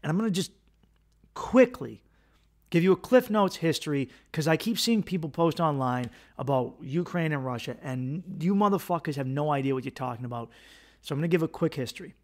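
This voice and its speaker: A man's voice: fairly high pitch, fairly quick, darkish tone. A man hosting his own podcast, delivering a casual, opinionated monologue with profanity and sarcastic asides. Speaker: podcast host, comedian.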